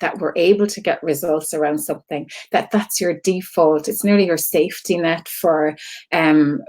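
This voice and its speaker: An Irish woman talks straight to her viewers in a loose, heartfelt way, wandering through her story. Her voice sits a little low for a woman. She keeps restarting sentences and leaning on fillers as she goes. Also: darkish tone. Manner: candid and rambling, with frequent fillers and restarts. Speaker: host of an online community show.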